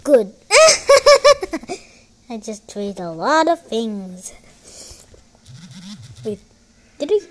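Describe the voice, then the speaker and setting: A woman giving excitable, giggly commentary while playing a game. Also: medium pitch, slow pace, long pauses. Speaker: gamer. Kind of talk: gameplay commentary.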